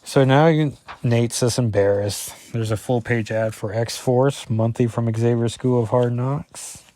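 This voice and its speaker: A man's voice: mid-range voice, fairly even intonation, a little slow, dark tone. A man casually talking through a comic book issue as a reviewer, rambling and correcting himself often with lots of fillers.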